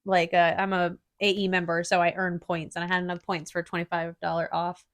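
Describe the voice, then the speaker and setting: A woman's voice: lowish voice, monotone, a little fast, a bit bright. A woman co-hosting a casual podcast, talking bluntly and animatedly and swearing casually. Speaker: podcast co-host.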